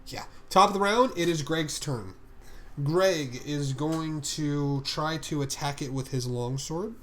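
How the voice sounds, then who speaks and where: A man's voice: on the high side, takes it slowly, a bit bright. A man running a tabletop game as game master, casual and rambling, swearing often.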